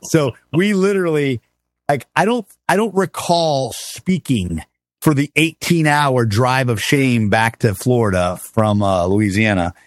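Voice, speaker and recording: Middle-aged male guest, lively laughing storyteller, close dry mic. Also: medium pitch, a little slow, no echo. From Miami, raised in Texas. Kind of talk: casual conversation, storytelling.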